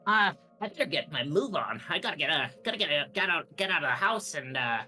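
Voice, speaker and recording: A man's voice: on the high side, very animated, fast talker, sharp tone, faint music behind, voice pushed up, exaggerated voice. A man voicing a sleepy, cheerful young farm lad who mumbles to himself as he gets up. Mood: drowsy, cheerful.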